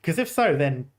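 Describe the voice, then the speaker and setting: Streamer reacting to trailers, mid pitch, rambly and giggly, lots of laughing. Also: husky. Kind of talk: casual reaction commentary.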